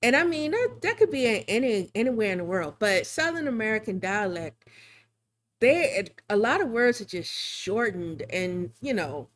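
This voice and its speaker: A woman's voice: fairly high pitch, big pitch swings, normal speed. A woman streaming live while drawing, chatting casually in a rambling, chatty way with frequent laughs. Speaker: live-streaming digital artist.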